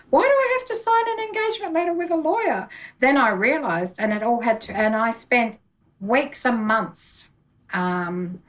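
A woman's voice: mid-range voice, fairly bright tone, distant mic, low-quality recording. A woman, a bookkeeper, telling her story in a conversational interview, acting out her own past dialogue.

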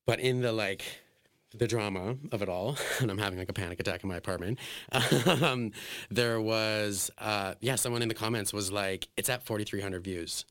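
A man who is a drag performer tells stories in a casual interview, chatty and emotional, laughing often, using lots of filler words and acting out what people said. His voice is on the low side and a bit bright, at normal speed, recorded studio-quality with no echo.

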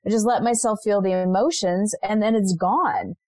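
A woman's voice: mid-range voice, moderate pace, warm tone, dry recording. A woman guest on an interview show, earnestly and reflectively sharing personal stories with frequent asides. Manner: earnest, reflective, lots of "you know" asides. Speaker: guest, transformational leader and spiritual mentor.

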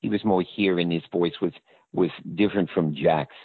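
A man's voice: sits low, steady tone, normal speed, dry recording. An older man, an actor guest in an interview, telling rambling anecdotes. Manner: rambling storyteller. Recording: tinny phone-line audio.

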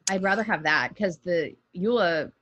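A woman's voice: on the low side, moderate pace, fairly bright tone, dry recording. A woman co-hosting a casual chat, blunt and sarcastic, swearing freely. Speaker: podcast co-host.

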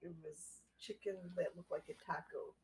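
A woman's voice: low voice, fairly even intonation, normal speed, darkish tone, breathy edge, low-quality recording. A woman co-hosting a casual movie chat, dropping dry wisecracks. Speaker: podcast co-host.

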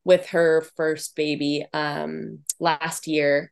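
A podcast host in her thirties with a slightly lower voice than most women. She tells stories about family life in a loose, chatty, animated way, filling gaps with "like" and "um". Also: a little slow, gravelly. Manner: chatty, animated storytelling with many "like"s. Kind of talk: casual chat.

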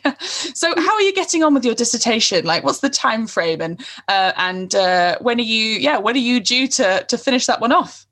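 A woman with an English accent hosting a podcast, encouraging and animated, quick to laugh. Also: a little high. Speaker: podcast host. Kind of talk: casual interview.

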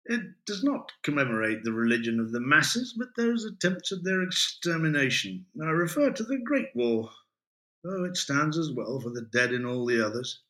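A man's voice: a little high, sing-song, normal speed, pushed and bright. Man putting on a pompous, theatrical young teacher. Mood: lecturing. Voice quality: theatrical and grandiloquent. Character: brash, pompous young male English teacher.

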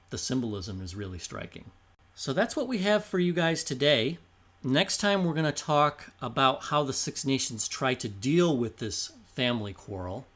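A man's voice: mid-range voice, a bit bright. A man co-hosting a history podcast, chatting casually, explaining and reading out listener names. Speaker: podcast co-host.

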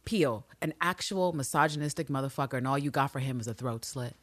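A low-pitched woman recaps with fierce, profane energy, her voice jumping between shouted outrage and quiet grumbling. The sound is dry and close to the mic, with no room around it. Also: quick pace, dry recording. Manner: animated, profane, swings between loud rants and low asides. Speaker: podcast co-host. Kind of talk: casual chat recap.

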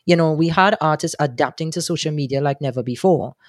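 A man answering interview questions, thoughtful and animated, often restarting his sentences. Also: on the high side, quick pace, dry recording, studio quality. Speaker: guest, soca music commentator.

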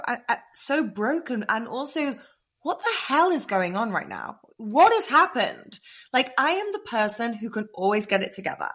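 A woman with a British accent, a podcast guest telling a candid personal story in an animated way and acting out her past thoughts. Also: mid-range voice.

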